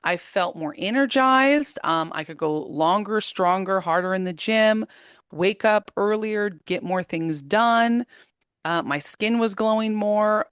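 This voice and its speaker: A woman in her thirties, an interview guest, telling her story in lively casual talk and laughing often. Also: medium pitch, a little slow, clear, resonant tone, no echo, clean studio sound. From United States.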